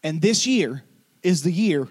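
A man's voice: a little high, animated, measured pace, darkish tone, husky. A man preaching a sermon as a pastor, retelling stories with building intensity.

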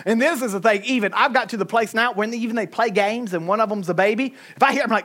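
A woman with a Southern US accent preaching a sermon, emphatic and humorous, swinging between loud and soft. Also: fairly high pitch, fast, few pauses. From Southern United States.

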